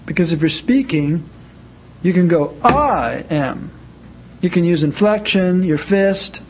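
A man's voice: high-pitched, moderate pace, highs cut off. Man, teacher, chatty lecture, fillers, light hiss behind. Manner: conversational, explains with spoken examples, many fillers. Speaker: Bible class teacher. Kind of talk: informal classroom lecture.

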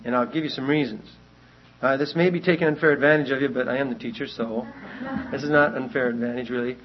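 A man's voice: medium pitch, breathy edge. A man teaching a Bible study lecture, speaking earnestly and repeating his key points, with frequent restarts as he works through his reasons. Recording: dull lo-fi recording.

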